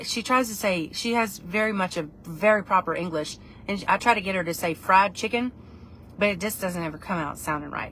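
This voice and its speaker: A woman rambles through a relaxed live chat with her viewers and pokes fun at herself as she goes. Her tone is bright and a little sharp. Faint ambient sound sits under her voice. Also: on the low side, slight background noise. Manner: chatty, rambling and self-deprecating. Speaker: livestream vlogger.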